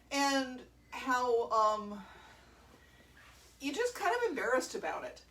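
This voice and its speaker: A woman's voice: high-pitched, very animated, a little slow, a bit bright, recorded from a distance. Chatty woman drummer in a roomy space. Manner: chatty, laughing, rambling storyteller. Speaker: drummer and show host. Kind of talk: casual livestream chat. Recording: roomy sound from away from the mic.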